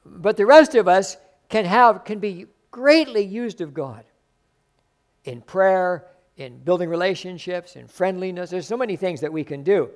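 High-voiced man preaching a lively sermon. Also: unhurried. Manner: animated preaching, swinging between loud emphasis and soft asides. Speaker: pastor.

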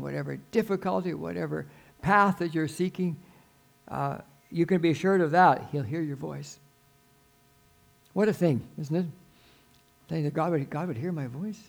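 An older man preaching a sermon as pastor, earnest and pleading, his voice swelling suddenly loud and then dropping soft. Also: fairly high pitch, normal speed, gravelly, pauses often.

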